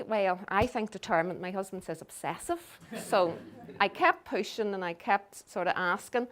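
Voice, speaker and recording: A woman's voice: mid-range voice, a bit bright. Belfast woman telling lecture anecdotes. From Northern Ireland. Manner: storytelling, acts out quoted people. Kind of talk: public lecture with slides.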